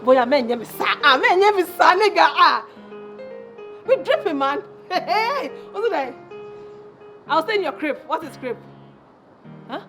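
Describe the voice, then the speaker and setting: A woman's voice: sits high, sing-song, a little slow, long pauses, fairly bright tone, faint music behind, exaggerated voice. An actress with a Ghanaian accent playing a flashy young woman who laughs, teases and mixes Twi with English slang as she brags about luxury things. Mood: playful. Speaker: actress in a Kumawood film. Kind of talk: dramatic film dialogue.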